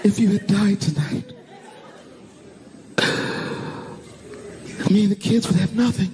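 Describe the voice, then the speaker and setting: A man putting on the voice of his upset, sobbing wife, pitched up high and pleading. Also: expressive, moderate pace, some chatter behind. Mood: distraught. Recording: live comedy stage with audience noise.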